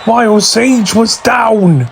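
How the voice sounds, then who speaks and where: A man giving excited play-by-play wrestling commentary, shouting through near falls, his voice going hoarse from screaming. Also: sits high, takes it slowly, slight background noise. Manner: shouting near counts, voice straining.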